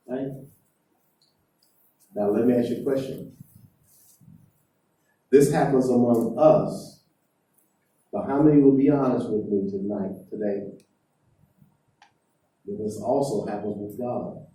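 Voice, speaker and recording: An emphatic preacher who keeps questioning his congregation, his voice dark and heavy. He speaks at an unhurried pace. The sound reaches the mic from a distance through a strongly echoing church hall. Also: mid-range voice. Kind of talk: sermon. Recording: echoey hall heard from afar.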